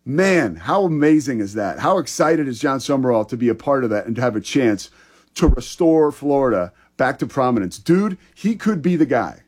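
Enthusiastic sports talk host. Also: male voice, mid-range voice, very animated, normal speed, a little mellow.

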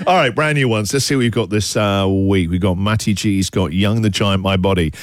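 A man's voice: on the low side, wildly swooping pitch, normal speed, dry recording, studio quality. A man hosting a radio show who jokes around, laughs often and reads out listener emails. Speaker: radio host. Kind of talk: breakfast radio segment.

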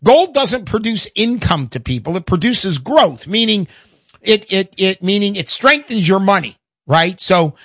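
An older man hosts a call-in radio show in a high, lively voice that swoops up and down as he talks. He is chatty and keeps tripping over his own fillers. The sound is dry and close, with no room around it. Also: measured pace, no room sound. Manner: animated, chatty, self-interrupting with fillers.

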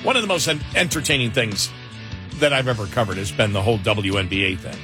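A man co-hosting a talk radio show, giving opinionated commentary with chuckles and quick repeated asides. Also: on the low side, over music. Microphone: studio mic.

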